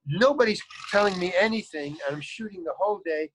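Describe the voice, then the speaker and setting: A man's voice: high voice, a little fast, fairly bright tone, slight background noise, low-quality recording. An older man, an actor, telling rambling anecdotes in a casual interview. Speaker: actor guest.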